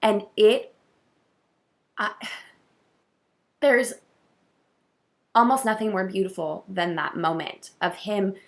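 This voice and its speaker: A woman who works as a wedding coordinator, talking to camera in a casual vlog, effusive and heartfelt with soft laughs. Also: medium pitch, animated, slow, gravelly, pauses often.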